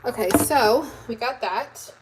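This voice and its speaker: On a live cooking stream, a woman with a slightly high voice speaks slowly, far from the mic. She's a homemaking channel host who chats casually and reads viewer comments aloud, with plenty of loud noise in her home kitchen.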